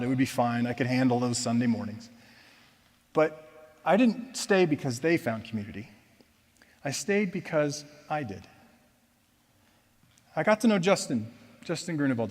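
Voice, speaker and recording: A man's voice: a little high, long reverb tail. Self-deprecating man telling a church testimony. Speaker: church member giving a personal testimony. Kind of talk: personal testimony told as a story. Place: church auditorium.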